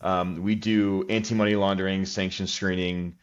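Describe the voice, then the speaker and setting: A man's voice: low voice, level tone, moderate pace, smooth. A man, a podcast guest, introducing himself in a friendly, slightly hesitant way. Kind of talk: casual chat. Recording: dull lo-fi mic.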